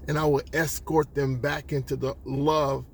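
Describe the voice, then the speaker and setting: A man's voice: mid-range voice, level tone, gravelly, a little hiss or hum. A man voicing a divine savior who solemnly vows to take others' punishment. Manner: slow, solemn proclamation. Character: solemn self-sacrificing divine male savior.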